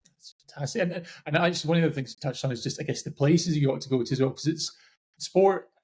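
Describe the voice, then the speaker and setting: A man hosting a podcast, asking thoughtful, halting questions with restarts. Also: a little high, a little mellow. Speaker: podcast host. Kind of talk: interview questions.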